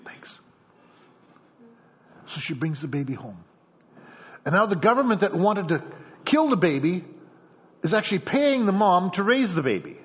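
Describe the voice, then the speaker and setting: A man's voice: high-pitched, normal speed, breathy edge. A man preaching a sermon, acting out a story scene by scene and calling on the congregation. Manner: animated, acts out scenes, addresses congregation. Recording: dull lo-fi sound.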